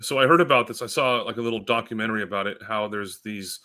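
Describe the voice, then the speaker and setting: A man's voice: on the low side, fast, sharp tone. A man talking as a guest in a casual podcast chat, rambling with many fillers and turning blunt.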